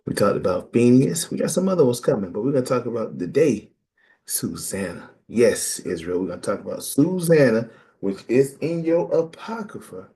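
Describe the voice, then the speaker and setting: A man's voice: mid-range voice, very animated, normal speed, warm tone. A man preaching and teaching scripture in an emphatic call-and-response style.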